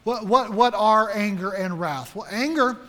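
A man's voice: high voice, a little slow, bright, forceful tone. A man preaching a sermon to his congregation, earnest and direct, often asking them questions. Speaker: pastor. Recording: long hall reverb.

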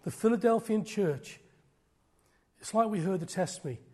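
Man, middle-aged, preacher, sermon, high voice, breathy, loud-to-whisper swings. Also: animated, moderate pace. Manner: swings from loud declarations to hushed near-whispers.

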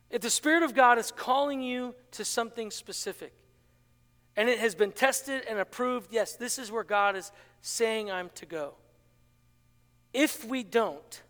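A man preaching a sermon as pastor, swinging between loud, urgent passages and hushed, quiet lines. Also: extremely high pitch. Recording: long hall reverb.

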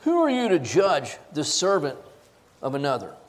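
Emphatic high-voiced preacher in a hall. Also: male voice, huge pitch swings, moderate pace. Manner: emphatic, swings from loud stresses to low asides. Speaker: pastor. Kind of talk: expository sermon. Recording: reverberant hall.

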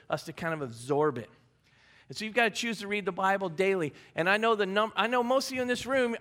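High-voiced pastor preaching conversationally. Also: male voice, a bit bright. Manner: conversational, repeats key phrases, light humor. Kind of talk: sermon. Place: church service.

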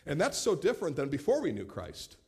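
A man in his late thirties preaching a sermon as pastor, animated, acting out quoted voices and repeating words as he starts phrases. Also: a little high, brisk. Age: 30s.

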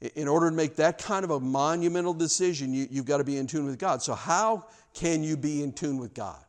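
A man's voice: fairly high pitch, fairly quick. A man preaching a sermon in a church, speaking earnestly with frequent stammered restarts. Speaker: pastor.

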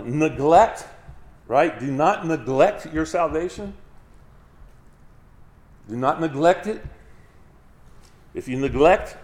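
A male pastor delivers his sermon in a fairly high voice, hammering each point with repeated emphatic phrases. The sound rings off the walls of a roomy church, with a faint hum of ambience behind him. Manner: emphatic, repetitive preaching with rising intensity.

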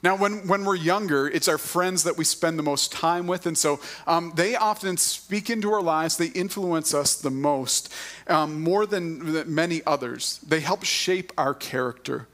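Casual halting male preacher. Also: on the high side, a bit bright. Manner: casual, halting with repeated words and fillers. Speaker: church staff preacher. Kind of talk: sermon. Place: church.

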